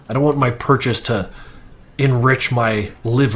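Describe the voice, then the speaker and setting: A man's voice: medium pitch, steady tone, measured pace, slight background noise. A young man chatting casually on a livestream while he works, rambling, swearing freely and poking fun at himself. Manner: rambling, profane, self-mocking. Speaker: streamer animating on stream.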